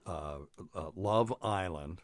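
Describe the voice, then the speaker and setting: A man's voice: low-pitched, takes it slowly, no room sound, clean studio sound. A man hosting a casual medical talk show, rambling and joking, often laughing at his own lines. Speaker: podcast host, doctor. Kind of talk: casual chat.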